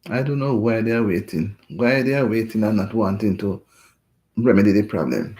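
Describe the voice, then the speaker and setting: A man's voice: fairly low pitch, normal speed, a little mellow. A man hosting a casual livestream chat, talking in a rambling, indignant way and repeating himself.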